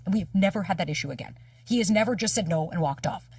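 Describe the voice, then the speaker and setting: A woman dating coach telling a personal story in candid conversation, animated and casually swearing as she acts out dialogue. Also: fairly low pitch, quick pace, slightly rough, no room sound, distant mic. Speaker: dating coach and podcast guest.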